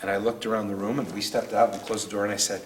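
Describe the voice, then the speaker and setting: A man's voice: on the low side, little pitch movement, racing. A man, a state senator, telling stories earnestly in a speech at a neighborhood meeting, sometimes emotional. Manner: earnest, storytelling, acts out quoted voices; emotional at times. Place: community meeting room. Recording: distant mic, faint room noise.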